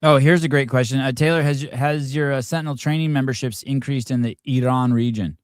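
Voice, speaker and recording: A man of middle pitch hosts a casual live podcast, asking loose, relaxed questions. His voice sounds dry and close, with no room echo. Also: a little fast, smooth. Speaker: podcast host.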